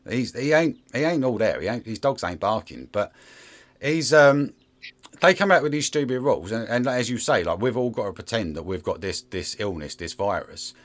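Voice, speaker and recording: A man in a casual interview chat, talking in a sarcastic, animated way and slipping into mocking voices. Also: on the low side, normal speed.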